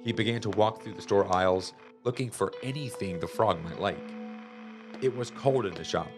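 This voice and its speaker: A man reading a children's chapter book aloud in a lively, expressive storytelling manner. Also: fairly low pitch, normal speed. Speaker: storybook reader. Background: music.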